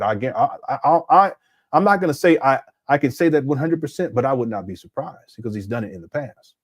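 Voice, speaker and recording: A man with a sore throat talks through a critical livestream commentary, reading viewer chat aloud and often breaking into laughter. His voice sits in an ordinary middle pitch. The recording is close and dry, with no room sound. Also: a little mellow, no room sound. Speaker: commentary host.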